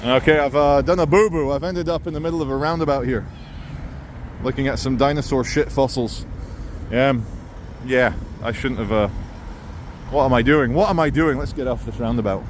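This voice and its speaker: A man's voice: mid-range voice, normal speed. A man strolls through town with a handheld camera, narrating what he passes in a wry, sarcastic way. His voice sits in the middle for a man, and light traffic hums faintly behind him outdoors. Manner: wry, sarcastic running commentary. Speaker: YouTuber walking a town. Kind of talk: walking vlog commentary. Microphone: handheld camera mic while walking.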